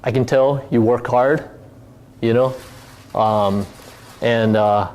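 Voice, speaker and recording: A man's voice: medium pitch, steady tone, slow, darkish tone. A middle-aged man from Hawaii, a company founder telling his story in a casual talk, rambling with many fillers and restarts.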